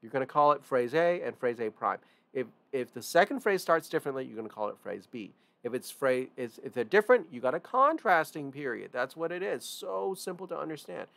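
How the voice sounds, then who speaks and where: Teaching music theory informally online, this man has a mid-range, somewhat bright voice with vocal fry, lively intonation and a fairly quick pace. He circles back to emphasize the important points and frequently begins sentences again.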